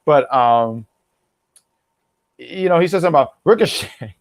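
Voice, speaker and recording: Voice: mid-range voice, expressive, moderate pace, no echo, studio quality. A co-host of a wrestling review show in casual chat, joking around, ranting and laughing often.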